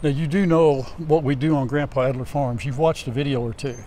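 A man's voice: medium pitch, fairly even intonation, fairly quick, warm tone. A man hosting his farm vlog, chatting with jokes and laughter while coaxing a guest through chores outdoors and in a chicken coop, on a lapel mic. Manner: jovial, laughing, coaxing and teasing. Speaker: farm channel host. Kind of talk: casual farm vlog chat. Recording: faint outdoor noise.

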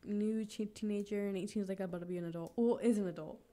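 A teenage girl talking with friends in a mid-pitched voice. She rambles on as she explains her point, stacking up fillers. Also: steady tone, fast talker, warm tone. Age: teens. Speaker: podcast co-host. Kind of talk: casual chat.

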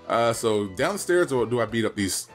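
A man's voice: mid-range voice, lively intonation, normal speed, soft background music. A man co-hosting a let's play, joking around in casual gameplay commentary and slipping into silly character voices. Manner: playful, jokey, slips into character voices.

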